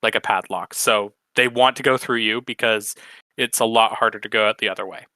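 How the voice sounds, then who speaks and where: Man, game master, tabletop game, halting delivery, bright tone. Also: on the low side, fairly even intonation, no echo. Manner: hesitant, many fillers.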